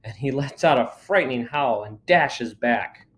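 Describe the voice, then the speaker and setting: A man reading a children's book aloud, telling the story with lively energy. His voice sits in an ordinary middle range. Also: medium pitch, measured pace. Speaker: reader.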